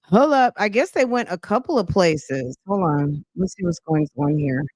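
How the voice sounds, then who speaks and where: A woman's voice: on the low side, lively intonation, moderate pace, a little mellow, dry recording. A woman giving sassy, teasing commentary as she reacts to a video.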